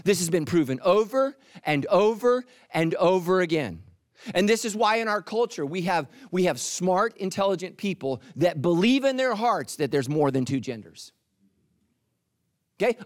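At normal speed, a male pastor delivers a sermon in a high voice that bounces up and down with wide pitch swings. He's punchy and teasing, tossing in playful asides, recorded dry and close without any room echo.

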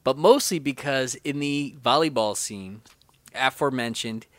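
A man co-hosting a podcast, chatting casually about a film and acting out scenes with quick impressions. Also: mid-range voice, no echo. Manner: animated, acts out movie scenes in quick impressions. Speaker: podcast co-host.

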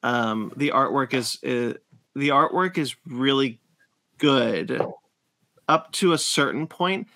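A man's voice: medium pitch, lively intonation, slow, bright, forceful tone. A man hosting a podcast, chatting enthusiastically about a comic book with frequent restarts. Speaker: podcast host. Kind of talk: casual podcast chat.

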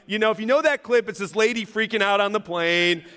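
A man preaching a sermon as pastor, animated and self-deprecating, joking and laughing with his congregation. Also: high voice, fairly quick, clear, resonant tone. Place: large church hall. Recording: long hall reverb.

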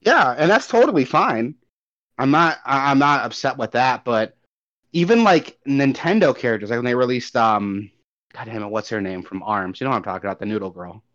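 A young man co-hosting a casual gaming chat, rambling and animated, swearing casually as he goes. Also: mid-range voice, fairly quick. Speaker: podcast co-host. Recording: dull lo-fi audio.

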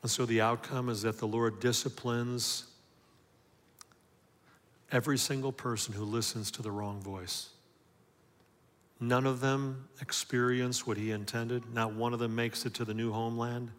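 A man preaching a sermon with emphatic call-and-response questions, swinging from loud, driving lines to hushed ones. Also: medium pitch, level tone, measured pace, pauses often, long reverb tail. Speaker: pastor.

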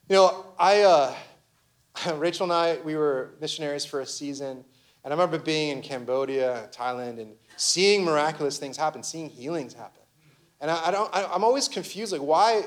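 A young man, a pastor, giving a conversational sermon full of personal stories, with many restarts and fillers. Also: a little high.

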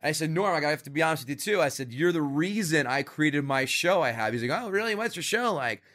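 A man, a comedian guest on a podcast, chatting casually and telling stories with lively acted-out quotes. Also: fairly high pitch, quick pace. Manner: animated storyteller, acts out quoted voices. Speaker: comedian and show creator guest.

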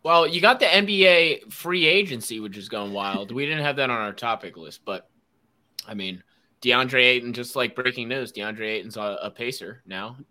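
A podcast host chatting casually, telling animated stories and mimicking people's voices. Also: male voice, mid-range voice, moderate pace. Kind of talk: casual chat.

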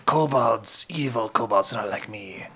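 A man voicing an excitable little kobold adventurer who speaks in a grand, formal way. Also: on the low side, breathy edge, full character voice. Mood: earnest. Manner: slow, grandly formal speech.

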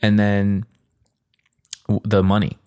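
Dude with a really low voice just chatting, laid back, says like a lot. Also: male voice, slow, clear, resonant tone. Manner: laid-back, animated retelling with lots of "like". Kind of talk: casual chat.

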